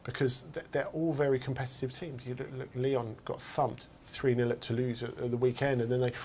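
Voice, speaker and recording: A man talks through football in a loose studio conversation, stumbling and repeating words as he gathers his thoughts. His voice sits mid-range. A faint low rumble runs behind him. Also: flat delivery, brisk, a little mellow. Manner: hesitant, repeats words while thinking. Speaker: football pundit. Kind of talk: casual studio discussion.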